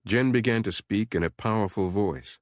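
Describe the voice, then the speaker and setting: A man narrating a horror audiobook in a measured, steady storytelling voice. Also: lowish voice, no room sound, clean studio sound.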